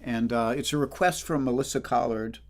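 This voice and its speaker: The older livestream host keeps up his rambling between-song talk at home, calling out viewers by name. He speaks at a moderate pace in a mid-range voice through his livestream mic.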